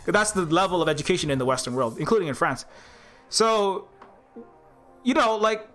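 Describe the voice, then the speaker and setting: A man's voice: high voice, animated, moderate pace, pauses often, fairly bright tone, soft background music. A man giving a rambling commentary vlog, with many restarts. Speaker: game developer and commentator.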